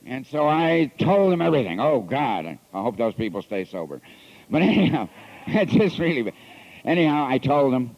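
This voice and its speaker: A priest telling his recovery story at a convention, earnest and confessional, swinging between hushed passages and emphatic ones, recorded on an old lo-fi tape. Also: medium pitch, sing-song, normal speed. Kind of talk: recovery talk. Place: convention hall. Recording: dull lo-fi 1980s tape recording.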